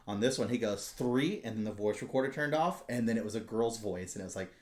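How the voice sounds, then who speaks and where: Profane, animated podcast guy. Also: lowish voice, fast. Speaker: podcast host. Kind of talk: casual chat. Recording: roomy echo.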